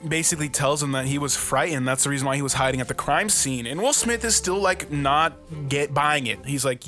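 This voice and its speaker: A man's voice: fairly high pitch, animated, a little fast, pushed and bright, faint music behind. A young man casually recapping a movie, loose and profane, with lots of fillers and chuckles.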